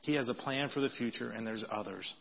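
A man preaching a sermon in a conversational style, reading scripture aloud with lively emphasis. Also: medium pitch, fairly quick, creaky, slightly rough. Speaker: pastor. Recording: dull audio with long hall reverb.

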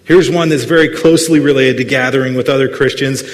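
A man's voice: mid-range voice, steady tone, fast. A man preaching a sermon as pastor, earnest but full of playful jokes and asides to the congregation. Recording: long hall reverb.

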